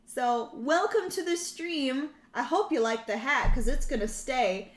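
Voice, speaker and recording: A woman's voice: high voice, a little slow. A young woman streaming a casual language lesson, chatty and rambling, laughing often between points. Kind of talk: casual live-stream chat. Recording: roomy echo.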